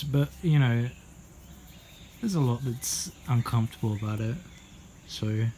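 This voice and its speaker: A man's voice: medium pitch, a little mellow, slight background noise. A young British man rambling through a jokey, meandering monologue outdoors in a garden, swearing a lot and slipping into silly voices. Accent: British English. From Britain. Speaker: vlogger.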